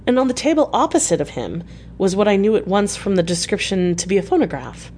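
A woman reading a classic novel aloud as scripted narration, in a measured, even way. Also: mid-range voice, a little hiss or hum. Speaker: audiobook reader.

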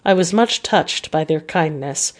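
A woman reading a diary novel aloud in a measured, unhurried way. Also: low-pitched. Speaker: audiobook reader.

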